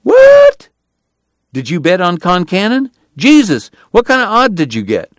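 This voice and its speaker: A man voicing a young, excitable frontier sheriff who talks fast and defensively in a raised voice. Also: sits high, no room sound, studio quality, pitched above the performer's own voice, full character voice.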